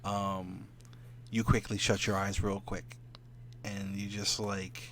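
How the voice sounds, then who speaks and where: A man's voice: fairly low pitch, little pitch movement, slow, fairly bright tone, a little hiss or hum. A man running a tabletop game as dungeon master, narrating in a rambling way with lots of fillers.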